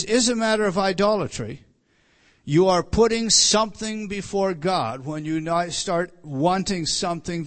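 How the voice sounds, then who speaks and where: A man preaching an expository sermon, emphatic, often repeating himself and restarting sentences. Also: on the high side. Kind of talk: expository sermon on a Bible passage.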